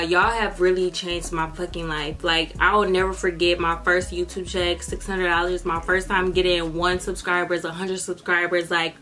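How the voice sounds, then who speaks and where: Young woman YouTuber, profane slangy storyteller, sharp bright tone. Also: lowish voice. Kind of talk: casual storytelling vlog. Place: indoors under bright lights.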